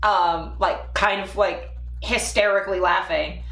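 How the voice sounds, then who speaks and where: A woman's voice: medium pitch, fairly even intonation, measured pace, fairly bright tone. Rambling, giggly young woman streamer. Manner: rambling, profane, giggly storytelling. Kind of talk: casual live-stream chat. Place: home room. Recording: echoey room.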